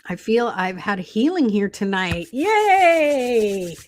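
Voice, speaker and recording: A woman's voice: medium pitch, animated, moderate pace, darkish tone, slight background noise. A middle-aged woman hosting a tarot live stream, chatting casually, laughing often and reading viewer comments aloud.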